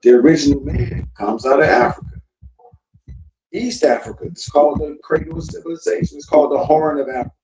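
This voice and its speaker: A man's voice: a little high, expressive, a little fast, lo-fi sound. A man from South Florida hosting a casual livestream talk, lecturing bluntly and with profanity to his chat. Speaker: podcast host. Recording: echoey room with faint noise.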